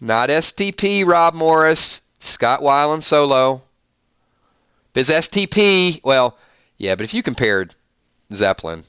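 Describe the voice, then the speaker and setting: A man hosts a live stream and playfully tallies viewer votes on music matchups. His voice is bright and crisp. It sits close and dry on the mic, with no room sound. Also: on the high side, slow, no echo. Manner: playful, animated, reading out votes. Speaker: host.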